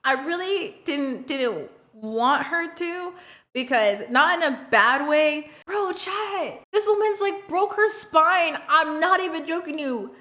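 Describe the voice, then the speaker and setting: A woman streamer telling a casual story to her chat, animated and blunt, swearing freely and laughing often. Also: high voice, slow. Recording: roomy echo.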